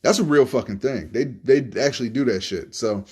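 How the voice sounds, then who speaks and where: A young man from Florida telling a story in a relaxed, casual monologue, cursing freely and often repeating his words. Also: mid-range voice, normal speed, breathy edge. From Tampa, Florida. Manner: laid-back, profane, repeats himself. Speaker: podcast host telling stories.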